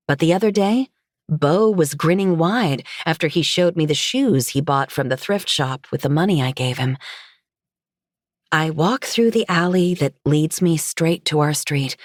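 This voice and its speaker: Low-pitched woman reading a gritty audiobook, steady, dry close mic. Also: no echo. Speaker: audiobook narrator. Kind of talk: first-person audiobook narration.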